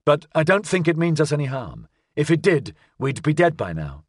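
A man's voice: fairly high pitch, huge pitch swings, normal speed, husky, no echo, clean studio sound, pitched above the performer's own voice, heavily acted. Brief: a man playing a wounded woman agent, firm and clipped, voice a little lifted. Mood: calm. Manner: commanding, clipped.

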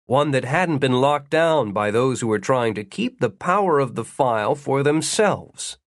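A man's voice: medium pitch, no echo. Male audiobook narrator, dry close sound. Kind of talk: scripted narration.

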